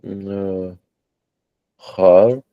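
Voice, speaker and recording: A man studying English in a one-on-one lesson, hesitantly naming single words after long pauses. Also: deep voice, steady tone, dry recording. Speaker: student. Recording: dull, dry lo-fi sound.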